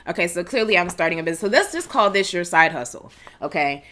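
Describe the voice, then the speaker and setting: A wedding planning host runs a casual live Q&A from home, giving chatty, direct advice and playing quoted people in higher voices. Her sing-song voice is a bit bright and a little fast.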